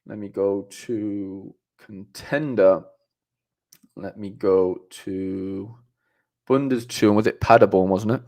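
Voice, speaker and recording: A man's voice: on the low side, fairly even intonation, slow pace, a little mellow. A young man hosting a live stream, reading viewer comments aloud in a casual, rambling way with lots of fillers and restarts. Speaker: livestream host.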